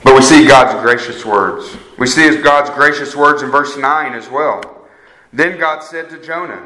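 A man's voice: mid-range voice, animated, normal speed, bright, forceful tone. A man preaching a sermon in a conversational way, often repeating words and acting out quoted speakers. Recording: echoey room.

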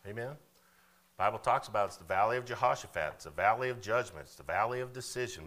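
A man preaching a sermon in a folksy way, often checking in with "Amen?" and "okay?", swinging from loud emphasis to hushed asides. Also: fairly low pitch, a little fast. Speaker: pastor.

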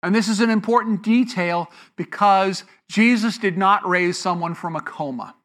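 A pastor preaching to a congregation with a bright, forceful voice. The delivery is built on rhetorical questions that the speaker answers, with key words drawn out for weight. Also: mid-range voice, normal speed. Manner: stretches out key words for emphasis. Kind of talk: sermon teaching. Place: church before a congregation.

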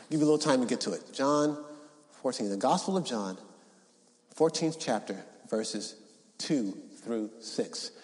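A male pastor delivering a sermon, reading scripture aloud and rising into shouted emphasis. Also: on the high side, reverberant, big-room sound. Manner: preaching, rises to shouts, reads scripture. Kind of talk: Easter sermon. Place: church sanctuary.

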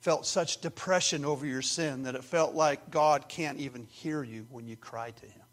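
A man's voice: mid-range voice, normal speed. Earnest man preaching a sermon. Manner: earnest, swings from hushed to emphatic. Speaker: pastor.

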